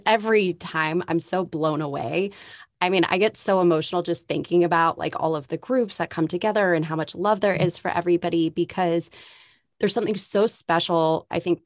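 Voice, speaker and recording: Here a woman with a low voice hosts a podcast conversation, effusive and heartfelt, often breaking into laughter. Her voice is close and dry, with no room sound around it. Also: dry recording. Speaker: podcast host. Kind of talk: conversational interview.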